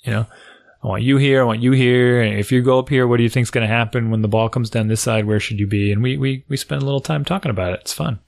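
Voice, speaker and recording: Gravelly-voiced man telling coaching stories. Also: medium pitch, racing, few pauses. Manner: animated storytelling, acts out kids and coaches. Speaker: youth sports coach. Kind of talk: casual chat.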